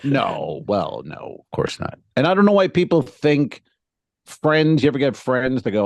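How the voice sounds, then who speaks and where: A man's voice: mid-range voice, a little slow, vocal fry, no room sound. A man who is a stand-up comedian, chatting casually on a podcast and animatedly retelling stories about hecklers. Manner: animated storytelling, acts out hecklers and himself on stage. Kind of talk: casual chat.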